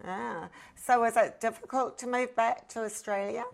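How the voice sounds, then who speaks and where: A woman hosts a relaxed podcast conversation, steering it gently with simple questions. She keeps her guest going with short affirmations and an encouraging tone. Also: fairly high pitch, normal speed, creaky, a little hiss or hum. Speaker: podcast host. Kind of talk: casual conversational interview.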